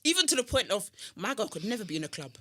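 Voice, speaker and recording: A young woman co-hosts a casual podcast chat in a bright, clear voice with wide swings of pitch. She is expressive and playful, slipping into mock outrage as she talks. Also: very fast. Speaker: podcast co-host.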